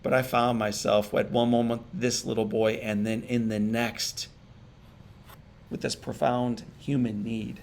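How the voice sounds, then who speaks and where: Gravelly-voiced man giving an inspirational speech. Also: medium pitch, flat delivery, a little mellow, slight background noise. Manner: emotional storytelling, pauses and repeats for emphasis. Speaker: motivational speaker. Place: virtual event stream.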